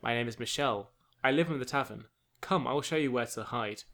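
A man's voice: medium pitch, a little fast, fairly bright tone, close to an everyday voice. A man voicing a kind young orphan girl in a plain, unaccented reading. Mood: earnest. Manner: reads the lines plainly, no accent.

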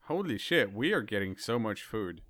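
A man chatting casually as a player in a read-along adventure, excitable and swearing freely. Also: lowish voice, moderate pace, no echo, clean studio sound. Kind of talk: casual chat.

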